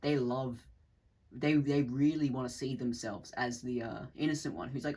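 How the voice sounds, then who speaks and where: A man in mid-pitch with a husky, slightly rough voice, working through a loose spoken monologue. He rambles and restarts his sentences, swears casually, and briefly mimics the people he is describing. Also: a little fast, a little mellow, low-quality recording. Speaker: channel host.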